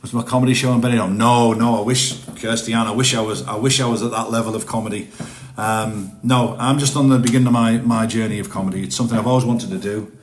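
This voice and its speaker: A man's voice: on the low side, fairly even intonation, fast talker, roomy sound, a little hiss or hum. A man chatting casually on a live stream from his home, rambling and self-deprecating.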